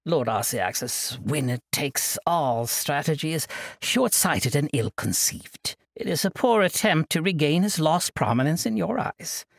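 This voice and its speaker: A man's voice: fairly high pitch, animated, measured pace, creaky, no echo, studio quality, voice pushed up, full character voice. A man voicing a sly, scornful female assassin in an audiobook, with a taunting, mocking manner.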